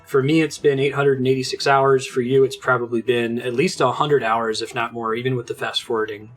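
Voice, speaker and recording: An enthusiastic man gives casual gameplay commentary at a mid-range pitch. He rambles happily with plenty of fillers and restarts. Soft game music plays faintly behind him. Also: fairly even intonation, fairly quick. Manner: chatty and enthusiastic, many fillers like "like". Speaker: let's play host.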